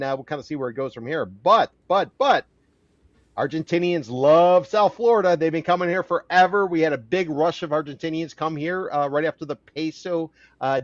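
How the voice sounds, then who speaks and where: A man's voice: high voice, no echo. A man co-hosting a podcast in casual chat, rambling with lots of fillers and restarts. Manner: rambling, with many fillers and repeats. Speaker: podcast co-host. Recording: dry, slightly dull audio.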